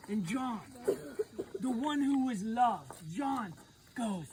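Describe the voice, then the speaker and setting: High-voiced animated woman storyteller. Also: slow, slight background noise, low-quality recording. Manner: animated, playful, addresses the audience directly. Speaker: youth pastor. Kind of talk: acting out a Bible story as a first-person storyteller.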